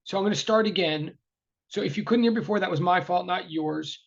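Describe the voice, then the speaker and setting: A man's voice: high voice, fairly quick, creaky. A man teaching a university class over a video call, apologetic and flustered, chatty with many fillers and restarts. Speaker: university lecturer. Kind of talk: casual online class opening. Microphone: tablet microphone on a video call. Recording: dull lo-fi video call audio.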